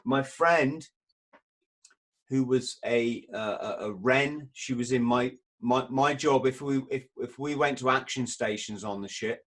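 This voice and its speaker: A man's voice: mid-range voice, fairly bright tone. A man hosting a podcast who tells candid stories, swearing freely and repeating words as he searches for them. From Britain. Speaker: podcast host. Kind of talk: candid storytelling in conversation.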